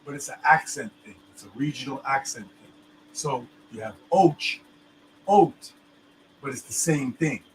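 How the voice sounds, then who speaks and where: A man's voice: mid-range voice, normal speed, fairly bright tone, slight background noise, low-quality recording. A man explaining things in casual chat, loose and full of fillers, often checking that his listener understands.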